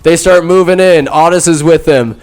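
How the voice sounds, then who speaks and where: A man hosting a podcast, recapping a film in a rambling, sarcastic comic style with loud asides. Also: on the high side, steady tone, normal speed, clean tone. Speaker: podcast host. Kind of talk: comedic movie recap.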